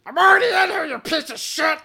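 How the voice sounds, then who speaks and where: A man voicing a frantic small male gnome with a shrill, squeaky voice in a tabletop game. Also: wildly swooping pitch, normal speed, full character voice. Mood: furious. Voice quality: shrill, yelling.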